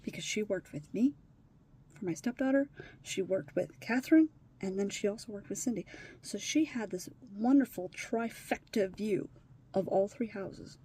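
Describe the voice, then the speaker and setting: Upset woman, husky and warm. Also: medium pitch, moderate pace. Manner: blunt, swears freely, often drops to a whisper. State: deeply upset. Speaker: vlogger sharing her life with trauma. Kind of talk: candid personal storytelling.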